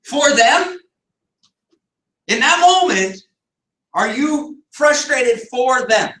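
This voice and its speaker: A man's voice: extremely high pitch, animated, extremely slow, a bit bright. A man leading a business team meeting, talking emphatically, firing rhetorical questions and sometimes raising his voice. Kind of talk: motivational team meeting talk. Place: meeting room with a group. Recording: echoey room, picked up from a distance.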